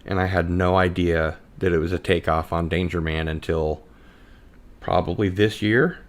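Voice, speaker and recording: Deep-voiced man, relaxed host. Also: normal speed. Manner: relaxed, reads out viewer comments. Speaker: podcast host. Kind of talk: casual live-stream chat.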